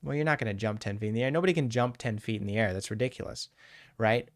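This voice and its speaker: A man's voice: fairly low pitch, fast, no room sound. A man teaching a casual live class on hypnotherapy, talking bluntly with some swearing and answering viewers by name, recorded on a close, dry mic. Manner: animated, blunt and profane, answers chat by name. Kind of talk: casual livestream lecture.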